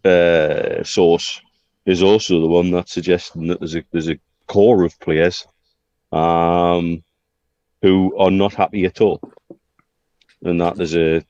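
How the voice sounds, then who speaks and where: A man talking football on a podcast, his voice sitting low and dry with no room around it. He speaks in a measured, hesitant way, full of ums and restarts. The recording sounds dull and lo-fi. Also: darkish tone, no echo. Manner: measured, hesitant with many fillers. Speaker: podcast co-host. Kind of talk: casual football chat.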